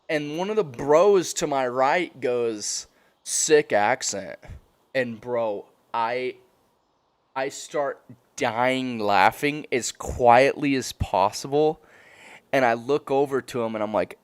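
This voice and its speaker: A young man telling a story on a stream in a casual, animated, profane way, laughing often. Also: mid-range voice.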